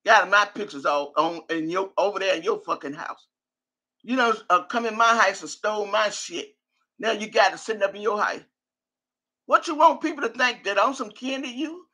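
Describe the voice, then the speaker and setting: A woman's voice: mid-range voice, pushed and bright. Older woman ranting, profane and fierce. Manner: angry, profane, confrontational. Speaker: livestream host. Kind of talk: live reaction stream, reading chat and ranting.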